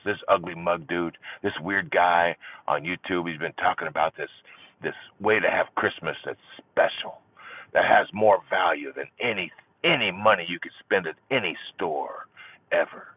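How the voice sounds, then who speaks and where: An older man hosting a support group livestream, talking in an impassioned monologue that swings between loud exclaiming and hushed near-whispers. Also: low voice, lively intonation, moderate pace, husky, dry recording. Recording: tinny phone-like audio, dry.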